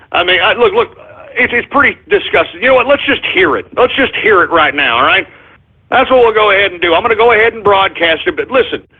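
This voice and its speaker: A man hosting a political talk radio show, ranting angrily with profanity, shouting in bursts and calling his listeners folks. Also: high-pitched, slightly rough. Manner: addresses listeners as folks and gives orders to the engineer. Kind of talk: angry political call-in radio rant. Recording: tinny phone-like lo-fi audio.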